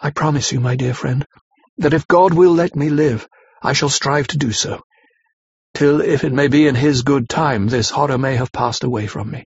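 A man voicing a brave, sorrowful young woman who speaks with quiet, earnest resolve. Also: mid-range voice, normal speed, vocal fry, breathy edge, no room sound. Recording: slightly dull lo-fi recording.

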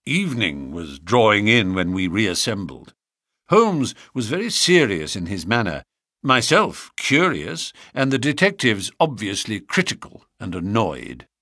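A male audiobook narrator telling a classic novel in a steady, expressive way. His voice is fairly low but full of pitch movement. The recording is dry and close, with no room echo. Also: a little slow.

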